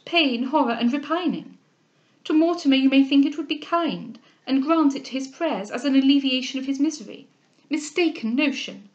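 Woman reading as a stern, earnest gentlewoman. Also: high voice, dull audio, pitched above the performer's own voice, lightly acted. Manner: earnest, insistent, formal. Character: stern persuasive older gentlewoman, a mother.

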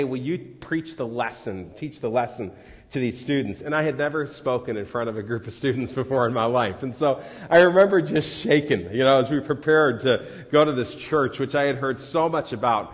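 A man preaching a sermon in a church, talking in a conversational way and rising into dramatic scripture readings. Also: mid-range voice. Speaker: pastor. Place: church sanctuary. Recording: live sermon in a large reverberant hall.

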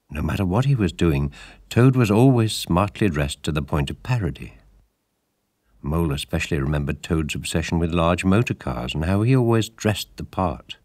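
Low-voiced man reading a storybook. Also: a little mellow, no room sound, studio quality. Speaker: audiobook narrator. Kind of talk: scripted storybook narration.

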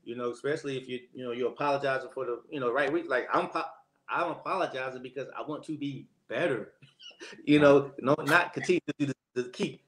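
Halting man chatting as a guest. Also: medium pitch, a bit bright, rough recording. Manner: halting, with restarts and fillers. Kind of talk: casual chat.

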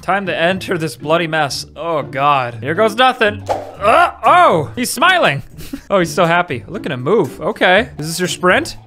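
A young man giving joking, excitable commentary over gameplay, breaking into loud squeals and laughs. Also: on the high side, normal speed. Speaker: gaming video host.

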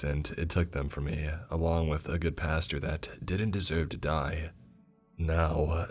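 A man narrating a horror story in a steady, grave tone. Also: very deep voice. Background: soft music.

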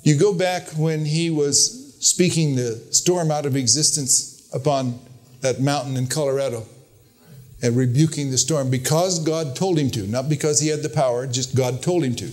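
A man's voice: moderate pace, darkish tone. An older man preaching a sermon, telling stories and quoting others in an earnest, emphatic way. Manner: storytelling, quoting with raised pitch, earnest and emphatic.

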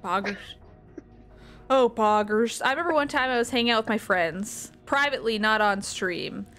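A woman's voice: a little high, lively intonation, a little fast, pushed and bright. A woman chatting casually and playfully on a gaming stream, laughing often. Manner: playful, giggly, jokey.

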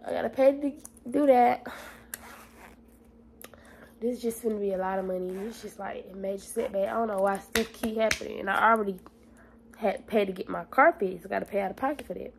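A woman's voice: medium pitch, a little fast, creaky, husky, low-quality recording. A young woman vlogging in a casual, blunt and profane way, talking straight to her viewers. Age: young adult. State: stressed, near tears. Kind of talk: casual vlog chat.

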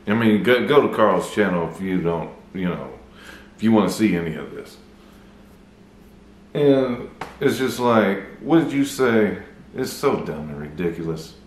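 A male YouTuber delivering a mocking call-out vlog, taunting and deliberate. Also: lowish voice, roomy sound, slight background noise.

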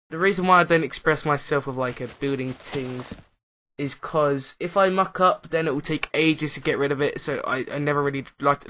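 A young British gaming host rambles chattily while playing a building game, thinking out loud in a let's-play commentary. His voice is medium-pitched with a sharp tone, over slight background noise.

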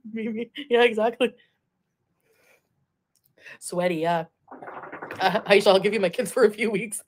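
A woman's voice: medium pitch, measured pace, pauses often, slight background noise. A woman streaming live, chatting casually with viewers, reading comments and laughing often. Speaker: livestreamer. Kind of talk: casual livestream chat.

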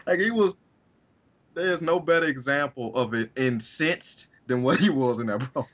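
A man's voice: medium pitch, normal speed, a bit bright. A man co-hosting a podcast in casual chat, rambling with frequent restarts and laughter. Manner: rambling, restarts often, laughs while talking. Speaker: podcast co-host. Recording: dull lo-fi sound.

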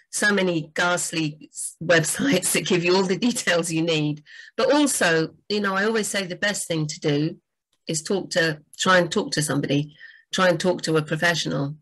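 A woman's voice: on the low side, fairly bright tone, rough recording. A woman, a book doctor, giving enthusiastic, chatty writing advice on a livestream. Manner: enthusiastic, chatty, frequent fillers.

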